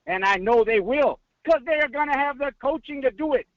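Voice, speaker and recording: Over muffled phone-line audio without echo, a very high-voiced man calls in to sports talk, animated and a little fast. He delivers a fired-up, sermon-style pep talk, tossing out rhetorical questions and Spanish greetings.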